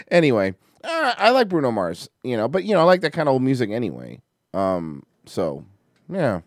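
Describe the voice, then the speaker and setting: A man's voice: medium pitch, huge pitch swings, normal speed, no echo, studio quality. A man hosting a casual stream, joking and swearing a lot while reacting to music videos. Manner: profane, joking, laughs often. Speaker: stream host. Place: hot-weather area.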